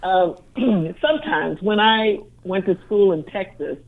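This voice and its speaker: An upbeat woman in her sixties, a former teacher turned motivational speaker, talks in a relaxed and chatty way. A faint Massachusetts accent comes through her words, and her stories are loose and full of laughter. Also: mid-range voice, a little slow, phone-quality sound. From Brockton, Massachusetts. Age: 60s. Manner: upbeat, storytelling, laughs easily. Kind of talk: casual interview answers.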